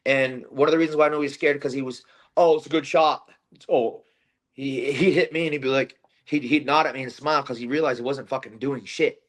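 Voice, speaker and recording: A man's voice: mid-range voice, fairly even intonation, fast talker. Bare knuckle fighter guy in a post-fight interview, swears a lot, intense, lots of ums and restarts. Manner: intense, profane trash talk with many fillers and restarts.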